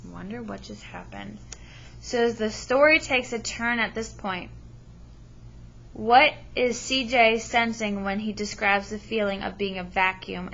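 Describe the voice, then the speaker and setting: A woman's voice: medium pitch, a little slow, fairly bright tone, lo-fi sound, a little hiss or hum. A woman teacher reading a story aloud with expression and stopping to ask her listeners questions. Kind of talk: read-aloud lesson with comprehension questions.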